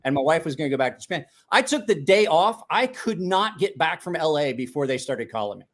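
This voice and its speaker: A man's voice: a little high, big pitch swings, a little fast, fairly bright tone. A man in his forties, a podcast host telling stories in casual chat, rambling and profane, with restarts.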